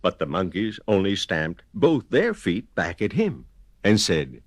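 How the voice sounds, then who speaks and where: A man reading a children's picture book aloud, slow and deliberate with a sing-song repetition. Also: deep voice, big pitch swings, no room sound, clean studio sound. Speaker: storyteller. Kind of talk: children's storybook narration.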